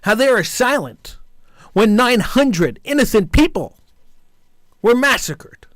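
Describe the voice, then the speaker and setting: A man's voice: very high voice, very animated, slow, fairly bright tone, no echo, studio quality. A man hosting a call-in talk radio show, delivering an impassioned, indignant monologue and repeating phrases for emphasis.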